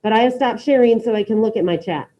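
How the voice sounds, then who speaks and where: Brisk woman teacher, lo-fi sound. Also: on the high side, dark tone. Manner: brisk, directive, repeats instructions. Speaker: Spanish teacher. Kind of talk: hybrid classroom teaching. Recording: dull lo-fi classroom audio.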